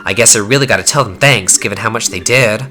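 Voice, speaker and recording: A man voicing a rough-spoken young fighter, reading game dialogue aloud with blunt, slangy talk. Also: lowish voice, fast, bright, forceful tone.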